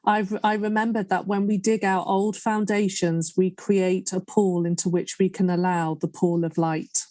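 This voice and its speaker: A woman's voice: medium pitch, level tone, moderate pace, hardly any pauses, dark tone, no room sound. A woman hosting a podcast interview, effusive and affectionate, openly emotional and close to tears. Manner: effusive and affectionate, calls guest darling and love. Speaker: podcast host. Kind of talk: casual interview chat.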